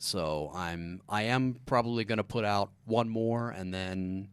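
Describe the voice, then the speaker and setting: A man who is a stand-up comedian, chatting as a guest on a podcast in a halting, self-deprecating, deadpan way, often restarting his sentences. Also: lowish voice, smooth, no room sound. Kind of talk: casual podcast chat.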